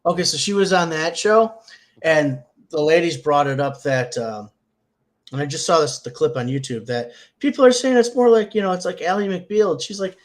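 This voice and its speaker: Goofy joking man, slightly high voice. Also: normal speed. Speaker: podcast co-host. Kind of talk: casual chat.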